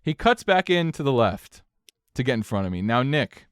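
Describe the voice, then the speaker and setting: A man's voice: medium pitch, sing-song, normal speed, smooth, no echo, clean studio sound. A young man co-hosting a podcast, telling a story in casual chat with swings of energy and a lot of swearing. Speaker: podcast co-host.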